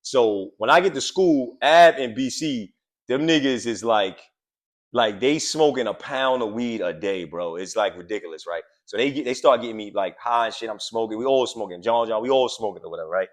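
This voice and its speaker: A man's voice: medium pitch, moderate pace. A man in his late thirties, co-hosting a podcast, telling a story in casual chat with profanity and acted-out quotes. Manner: animated, profane, acts out quotes. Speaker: podcast co-host.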